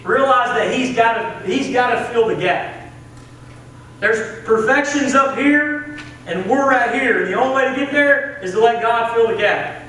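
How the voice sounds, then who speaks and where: A man's voice: extremely high pitch, measured pace, sharp tone, far from the mic. Young man, Southern US accent, earnest conversational sermon, faint hiss, echoey church. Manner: earnest, conversational preaching with acted quotes. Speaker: assistant pastor. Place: church sanctuary.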